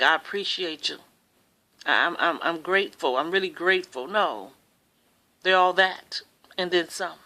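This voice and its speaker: A woman's voice: lowish voice, sharp tone, low-quality recording. A woman vlogger giving a rambling, impassioned opinion monologue in a casual way. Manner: rambling, impassioned social commentary.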